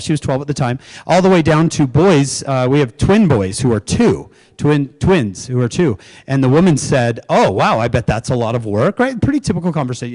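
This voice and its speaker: A man's voice: mid-range voice, very animated, brisk, a little mellow. Storytelling man giving a keynote. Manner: storytelling, acts out quoted voices, asks the audience questions. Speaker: keynote speaker. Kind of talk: motivational keynote talk. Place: conference venue before an audience.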